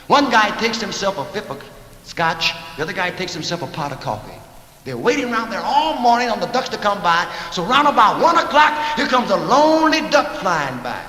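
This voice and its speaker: A man doing live stand-up comedy, telling jokes in animated jive slang to an audience. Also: very high voice. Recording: roomy live recording, long reverb, faint hiss.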